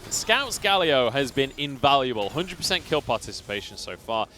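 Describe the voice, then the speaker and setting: A man's voice: mid-range voice, big pitch swings, normal speed, bright, forceful tone, soft background music. A man casting a professional esports match, trading jokey banter with his co-caster between calls. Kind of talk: play-by-play and colour commentary.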